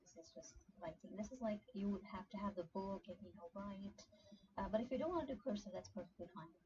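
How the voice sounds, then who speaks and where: A chatty woman talks through a beginner lesson in a loose, rambling way. Her voice sits at an ordinary pitch but comes through dull and lo-fi. A steady hiss of noise runs behind her. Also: fast talker. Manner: chatty, rambling with many fillers. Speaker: language tutor. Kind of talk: casual screen-share study session. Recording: dull lo-fi sound with clear background noise.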